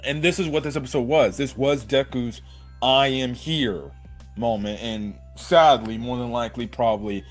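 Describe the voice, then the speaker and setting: A young man giving a casual, excited episode review, talking in a loose run of fillers and slang. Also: mid-range voice, moderate pace, faint music behind. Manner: excited fan talk, many fillers and "bro". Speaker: anime reviewer.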